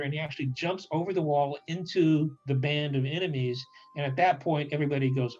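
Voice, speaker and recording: Animated man telling history jokingly. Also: fairly high pitch, brisk, lo-fi sound, soft background music. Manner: animated, acts out quotes in voices, restarts often. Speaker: podcast co-host. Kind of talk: casual comedic history storytelling.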